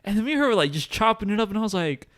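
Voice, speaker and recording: Animated young man telling stories. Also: sits high, very fast. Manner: animated storyteller, slangy and swearing. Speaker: podcast host. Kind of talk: casual chat.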